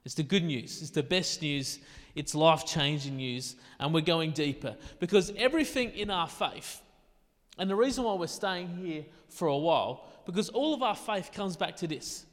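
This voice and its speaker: Aussie guy preaching, chatty with little asides, kinda high voice, long echo behind him. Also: expressive. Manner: casual and conversational, with quick asides. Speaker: pastor. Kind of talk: sermon.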